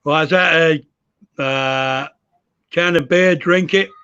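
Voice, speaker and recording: An English man being interviewed as a guest over a video call, good-humoured and gravelly, chuckling often. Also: on the high side, takes it slowly, sharp tone, highs cut off. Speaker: interview guest, wrestler and promoter. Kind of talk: casual interview chat.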